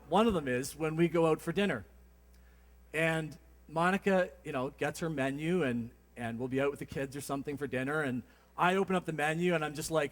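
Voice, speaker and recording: A man delivers a sermon with relaxed, lively storytelling and a touch of humor. His voice sits a little high for a man. The sound carries the long reverb of a church sanctuary. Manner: conversational, animated storytelling with humor. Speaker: preacher.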